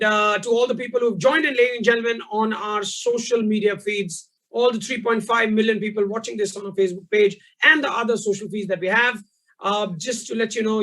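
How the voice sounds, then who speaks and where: A high-pitched man's voice hosting a ceremony over a video call. He thanks the guests, speaks to the viewers watching online, and hands the floor to the next speaker in an announcing tone. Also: bright, forceful tone, poor audio. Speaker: host.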